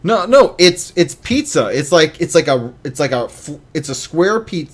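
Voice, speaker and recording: Man, 30s, podcast host, casual jokey chat, animated delivery. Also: fairly high pitch, moderate pace, few pauses, breathy edge. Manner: animated, jokey, swings loud and soft.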